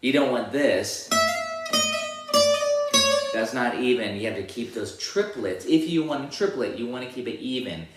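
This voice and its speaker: A man giving a relaxed guitar lesson, explaining rhythms and singing them out as counted syllables. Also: medium pitch, normal speed, pauses often. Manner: counts beats and sings rhythms with "da, da" between explanations. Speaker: guitar teacher. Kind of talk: casual music lesson. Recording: echoey room with loud guitar playing. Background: his own guitar playing.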